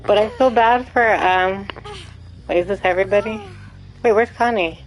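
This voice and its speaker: A woman's voice: mid-range voice, moderate pace, faint music behind, rough recording. A young woman streaming a game, chatting casually, apologetic and giggly. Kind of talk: casual gameplay commentary.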